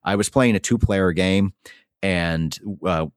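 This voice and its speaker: Podcast co-host, male, deep and dry-miked, relaxed conversational reviewer. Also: slow pace, clean tone, no room sound. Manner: conversational, thinks aloud with restarts. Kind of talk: casual review chat.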